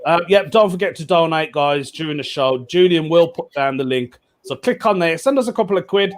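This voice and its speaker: A man's voice: a little high, expressive, fairly quick. A man hosting an online comedy show, chatty and jokey, laughing often. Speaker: host.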